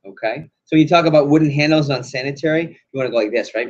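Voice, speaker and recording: A man running a sales training class, animated and quizzing the group with questions. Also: a little high, quick pace. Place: training room. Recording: dull lo-fi recording.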